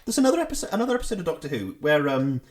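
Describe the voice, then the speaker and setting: A man's voice: on the high side, racing. A man co-hosting a podcast, chatting casually and ranting with exasperated laughs. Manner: animated, exasperated, laughing rants. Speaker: podcast co-host. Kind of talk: casual chat.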